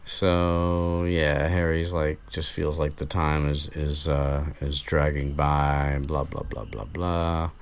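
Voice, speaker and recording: A man with a very low voice casually recapping a book. He talks slowly and rambles, full of ums and restarts. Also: flat delivery, clear, resonant tone. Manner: rambling, many fillers and restarts. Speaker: podcast host recapping a book. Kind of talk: casual chat.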